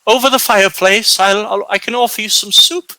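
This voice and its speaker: A man voicing a kindly, frail old grandmother, speaking in a shaky, high, breathless voice. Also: steady tone, brisk, pushed and bright. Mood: warm pleading.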